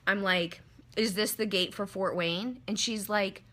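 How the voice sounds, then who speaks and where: A young woman telling a travel mishap to her stream viewers in a hotel room, casual and animated, swearing freely and calling her viewers "y'all" into a phone. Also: medium pitch, a little slow. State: upset after crying. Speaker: livestreamer telling a travel story.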